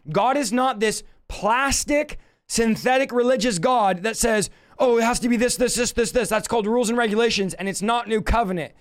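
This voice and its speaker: Young male preacher, very high voice, fiery shouting sermon delivery. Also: clean tone. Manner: shouting, passionate, fast bursts.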